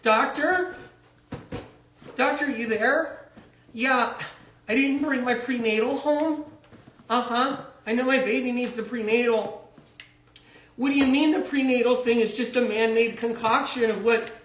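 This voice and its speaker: A man's voice: very high-pitched, measured pace, long pauses, fairly bright tone, a little hiss or hum, pitched above the performer's own voice. A man voicing an anxious pregnant woman who phones her doctor and questions him in shocked, indignant disbelief. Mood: alarmed, indignant. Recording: roomy echo.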